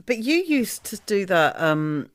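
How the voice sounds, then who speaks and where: A woman's voice: medium pitch, sing-song, unhurried, no room sound. A woman co-hosting a podcast in casual chat, blunt and swearing freely. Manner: blunt, swears, laughs often. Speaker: podcast co-host.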